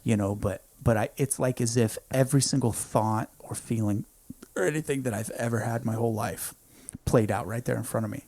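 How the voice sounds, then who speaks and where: Man, 30s, podcast guest, gravelly voice, mid-pitched, intense casual storytelling, home studio mic. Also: brisk, dry recording. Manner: intense, emphatic, peppered with "dude," swinging from hushed to loud.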